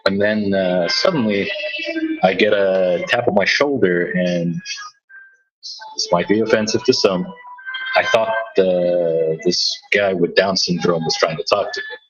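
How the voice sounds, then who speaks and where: A man's voice: low-pitched, huge pitch swings, unhurried, muffled recording, soft background music. A man, a DJ, telling a story in casual chat, rambling and restarting his sentences often. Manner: rambling with many restarts and stammers. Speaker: DJ and podcast host.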